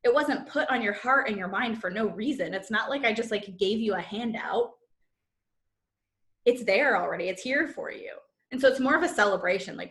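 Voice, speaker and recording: A woman's voice: on the high side, expressive, moderate pace, fairly bright tone. A woman coach teaching a live online masterclass over a video call, chatty and bubbly, acting out what people say to themselves. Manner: bubbly and chatty, acting out quoted inner voices. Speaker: manifestation and human design coach. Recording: roomy echo.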